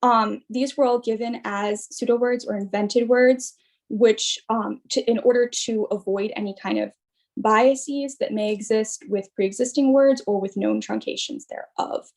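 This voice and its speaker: Young woman presenting research over a video call, a bit high, lots of "um"s. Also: steady tone, unhurried, gravelly, a little mellow. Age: young adult. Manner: explanatory, with frequent fillers and restarts. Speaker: student presenter. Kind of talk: academic presentation.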